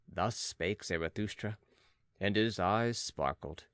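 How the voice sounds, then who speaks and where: A man narrating an audiobook in a measured, grave storytelling manner. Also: fairly low pitch, animated, fairly bright tone, dry recording, studio quality. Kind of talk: scripted narration.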